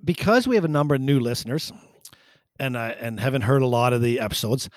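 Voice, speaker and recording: A man's voice: medium pitch, lively intonation, quick pace, dry recording. A man co-hosting a podcast in casual chat, chuckling along. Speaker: podcast co-host.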